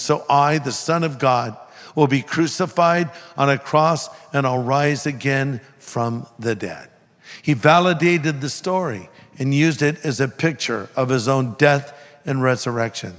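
Male pastor, earnest sermon delivery, slightly high pitch, long hall reverb. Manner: earnest preaching, acts out a street preacher's yelling.

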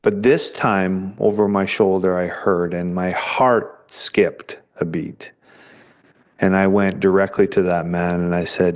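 A man's voice: low-pitched, little pitch movement, takes it slowly. A man in an interview, earnestly telling his personal faith story, often restarting and repeating words. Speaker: interview guest sharing his faith testimony.

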